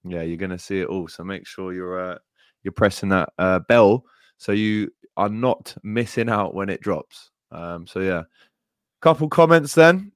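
Man, deep voice, podcast co-host, casual chat, eager and heartfelt, dry close sound. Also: steady tone, normal speed, dry recording. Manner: enthusiastic, heartfelt, peppers speech with "mate" and "bro". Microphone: podcast microphone.

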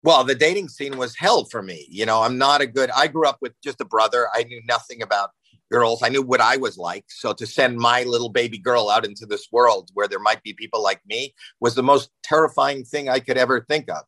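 Animated older man telling stories. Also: mid-range voice, fairly quick, no room sound, low-quality recording. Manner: animated, with many fillers and restarts. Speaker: guest. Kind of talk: casual storytelling.

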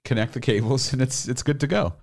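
A man's voice: mid-range voice, quick pace, vocal fry, a little mellow. A man co-hosting a casual podcast, chiming in with short supportive remarks. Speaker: podcast co-host. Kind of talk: casual chat.

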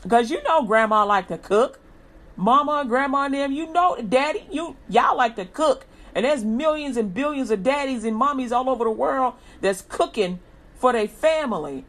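A woman preaching an informal inspirational sermon, talking colloquially and repeating an upbeat slogan again and again. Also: on the high side. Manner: colloquial, repeats a slogan, acts out lively quoted greetings.

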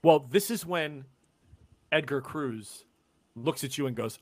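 A man's voice: on the high side, a little slow, long pauses, darkish tone, no echo. A man narrating as game master, playful and rambling, often laughing.

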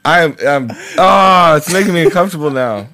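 A man co-hosting a casual podcast, reacting quickly and laughing often. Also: fairly high pitch, lively intonation, sharp tone. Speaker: podcast co-host.

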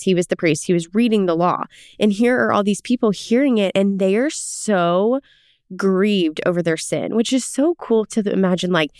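A woman's voice: medium pitch, clear, resonant tone, no room sound, clean studio sound. A woman co-hosting a casual faith podcast, chatting with many fillers, reading scripture aloud and explaining it. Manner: chatty, many "like" fillers, animated when retelling. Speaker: podcast co-host.

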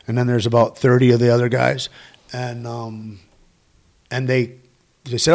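A man's voice: medium pitch, flat delivery, moderate pace. A man who works as a stunt performer, telling rambling, profane anecdotes with quoted dialogue in a casual interview.

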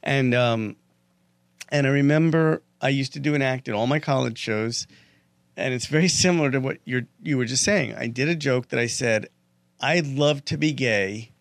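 A man's voice: medium pitch, normal speed, creaky, no echo. A man, a stand-up comedian, telling stories in a casual radio interview and acting out the people he quotes. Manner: animated storyteller, acts out quotes.

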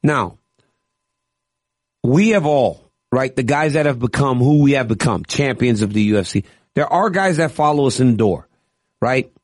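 Dude co-hosting sports radio, earnest, keeps saying right, dry mic. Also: male voice, medium pitch, lively intonation, moderate pace, no room sound. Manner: earnest, reflective, leans on "right?". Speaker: radio co-host and fight analyst.

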